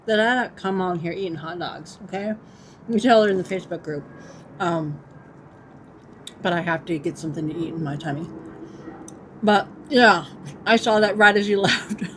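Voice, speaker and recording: A woman's voice: mid-range voice, slight background noise. A woman in her fifties hosting a casual livestream, chatting with viewers in a rambling way full of fillers, her microphone set off to one side on her computer. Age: 50s. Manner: chatty, rambling, many fillers, eating while talking. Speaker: livestream host.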